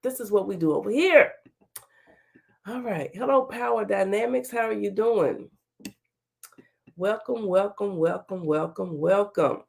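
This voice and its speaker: A woman hosts a casual livestream talk show, chatty and folksy, greeting viewers by name. Still recovering from illness, her mid-range, slightly mellow voice sounds a little off, unhurried, with vocal fry and long pauses.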